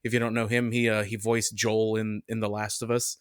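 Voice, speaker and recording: A man's voice: fairly low pitch, little pitch movement, fairly quick, smooth, dry recording, clean studio sound. A man co-hosting a podcast in casual chat, eager and full of fillers like "like". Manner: enthusiastic, lots of "like". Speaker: podcast co-host.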